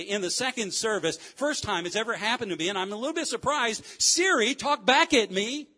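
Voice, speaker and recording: A man preaching a sermon in a church, swinging between loud fervent cries and low quiet asides. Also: animated, a little fast, hardly any pauses. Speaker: pastor. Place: church sanctuary.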